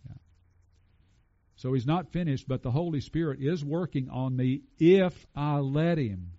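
A man's voice: a little high, a little slow, dark tone, lo-fi sound. A man preaching a conversational sermon and asking his congregation questions. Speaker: pastor.

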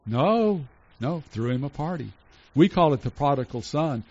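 A pastor preaching a sermon in an earnest way, slowing down to stress each item in a list and going soft for tender points. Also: male voice, on the high side, expressive, dry recording. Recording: dull lo-fi recording.

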